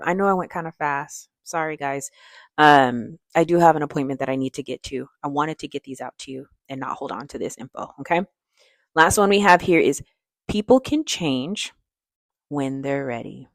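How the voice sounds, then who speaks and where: A woman's voice: low voice, a little fast, dry recording, studio quality. A woman therapist giving direct, emphatic advice to camera, often checking in with "okay?". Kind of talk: casual advice talk to camera.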